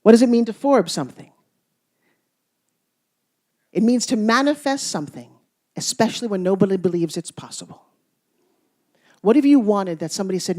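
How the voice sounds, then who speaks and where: This motivational speaker addresses a live audience in an expressive, mid-range voice at a normal pace, leaving long pauses. Her storytelling is full of playful teasing and swings between loud outbursts and quiet asides.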